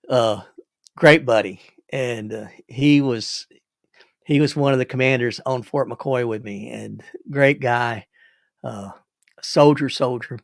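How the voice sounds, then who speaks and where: With a mid-range voice and noticeable vocal fry, an older livestream host spins rambling casual stories, repeating words and chuckling along the way. The studio-quality sound has no echo.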